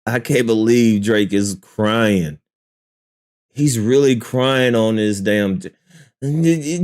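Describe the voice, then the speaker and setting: A man hosting a live stream, reacting to a song with profane, exasperated commentary, repeating himself and swinging between loud outbursts and low muttering. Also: drawn-out words.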